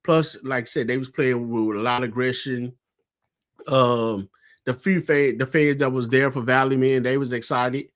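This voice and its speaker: A man's voice: medium pitch, fairly even intonation, normal speed, a bit bright. A man, co-hosting a casual sports talk show, telling what he saw at a game in a conversational way. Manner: storytelling, conversational, many fillers. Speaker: co-host.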